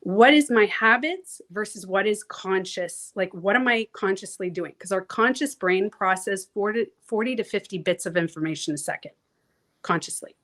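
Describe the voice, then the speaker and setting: A woman coach talking casually in an interview, animated, acting out inner voices and laughing easily. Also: mid-range voice, moderate pace. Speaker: transformation coach, guest.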